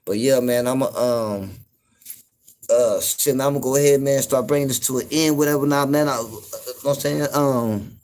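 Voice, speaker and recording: A man hosting his own show, talking in a loose, rambling commentary full of fillers and cursing, getting loud and incredulous when something riles him. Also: mid-range voice, moderate pace. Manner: laid-back, rambling, frequent fillers and profanity. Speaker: podcast host. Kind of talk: casual commentary monologue.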